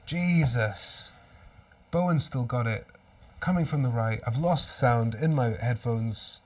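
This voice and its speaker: A man's voice: medium pitch, a little slow, recorded from a distance. A man hosting a live fan watchalong stream, commentating on the match with exasperated outbursts and resigned muttering.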